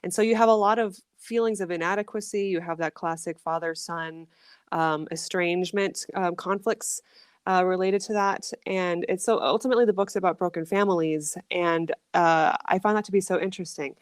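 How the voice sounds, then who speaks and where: A woman's voice: lowish voice, steady tone, moderate pace, clean tone, no room sound. Chatty woman podcast host, dry sound. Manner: chatty, enthusiastic, lots of fillers and restarts. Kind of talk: casual chat.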